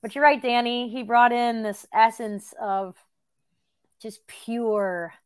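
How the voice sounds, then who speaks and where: A middle-aged woman hosting a podcast, telling a story in an animated, chatty way and laughing often. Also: fairly high pitch, slow, smooth. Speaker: podcast host. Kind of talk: casual conversation.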